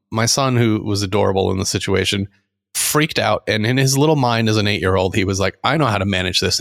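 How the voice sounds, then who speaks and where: A middle-aged male podcast co-host, his voice fairly low with vocal fry, tells a long story in casual chat. He's an animated anecdote teller who acts out the voices and quotes of the people involved.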